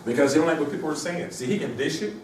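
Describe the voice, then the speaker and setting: This instructor has a cold and a fairly high voice, speaking in rapid-fire bursts as he rambles through a university lecture full of rhetorical questions. The recording is distant and echoey, with slight background noise.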